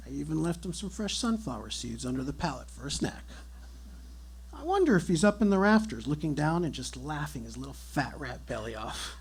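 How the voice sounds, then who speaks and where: A man telling a comic true story on stage, animated and theatrical. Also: a little high, vocal fry, a little hiss or hum.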